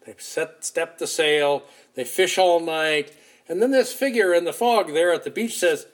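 Animated storytelling preacher, fairly high voice. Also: male voice, unhurried. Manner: animated storytelling, shifting loudness, acts out quotes. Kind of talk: sermon retelling a Bible story.

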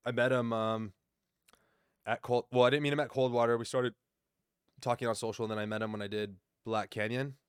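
A man's voice: medium pitch, fairly even intonation, brisk, pauses often, clear, resonant tone, no room sound, studio quality. A man in his thirties telling loose, profane stories as a podcast guest in casual conversation. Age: 30s. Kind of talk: casual chat.

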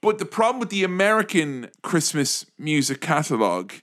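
A man's voice: on the high side, very animated, normal speed, a bit bright. A man co-hosting a podcast in casual chat, chatty and playful, swearing now and then. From Ireland. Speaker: podcast co-host.

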